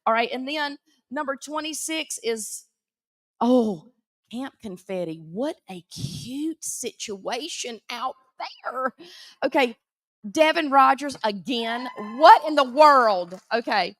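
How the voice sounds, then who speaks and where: A woman with a Southern American accent announcing prize winners at a live event, teasing and animated. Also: sits high, takes it slowly, dry recording, studio quality. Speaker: auction emcee.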